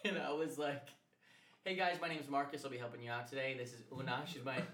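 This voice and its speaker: A young man co-hosting a podcast, telling stories in a casual, animated, profane way and laughing often. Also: mid-range voice, quick pace. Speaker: podcast co-host. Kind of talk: casual storytelling chat. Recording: echoey room.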